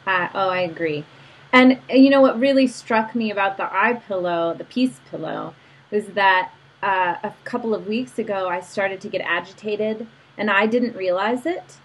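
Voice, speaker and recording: A woman's voice: mid-range voice, normal speed, low-quality recording. A woman hosting an interview as a mother, conversational and affirming, asking long questions. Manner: warmly affirming, conversational, asks at length. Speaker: podcast host and mother. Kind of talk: casual interview chat.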